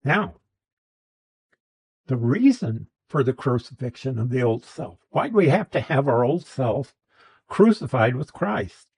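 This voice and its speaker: A man's voice: mid-range voice, big pitch swings, a little slow, gravelly, darkish tone, slightly rough, rough recording. A man teaching a Bible class, explaining a verse's grammar patiently with restarts and asides.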